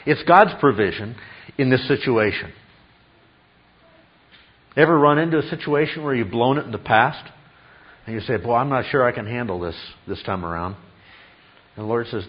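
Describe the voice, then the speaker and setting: The pastor's medium-pitched voice comes through dull audio as he preaches emphatically. He keeps repeating key phrases and questioning the congregation to underline what he's saying.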